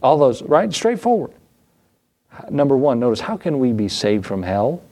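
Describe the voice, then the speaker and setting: A man's voice: sing-song, normal speed, dark tone. Emphatic man preaching a sermon. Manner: emphatic, rhetorical questions with rising pitch; repeats phrases for stress. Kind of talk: evening church sermon.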